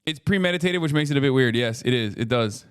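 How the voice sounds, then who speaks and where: A man's voice: mid-range voice, expressive, fast, smooth. A man in his thirties talking casually on a livestream while reacting to a video, profane, rambling and sarcastic.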